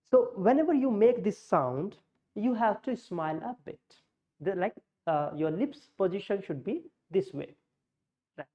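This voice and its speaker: A woman teaching pronunciation, slowly modeling vowel sounds against each other. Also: medium pitch, animated. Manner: slow, explanatory, models sounds in contrast. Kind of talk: pronunciation lesson with slides. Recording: muffled lo-fi audio.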